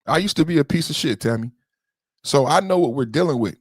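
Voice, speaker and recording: A man's voice: on the high side, lively intonation, fairly quick, dry recording. Fired-up, profane man on a dry mic. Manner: emotional, profane, repeats himself, talks straight to chat commenters. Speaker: podcast host. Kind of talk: heated livestream commentary.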